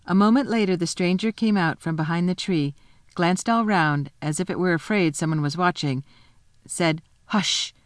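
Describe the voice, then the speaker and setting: A woman reading a children's storybook aloud in a calm, measured way. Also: lowish voice, no echo, studio quality. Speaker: audiobook reader.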